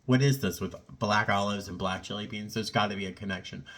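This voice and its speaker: Low-voiced man, rambling and choked up. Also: fairly bright tone. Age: middle-aged. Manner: rambling, reflective, halting with many fillers. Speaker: vlogger. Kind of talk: casual personal vlog.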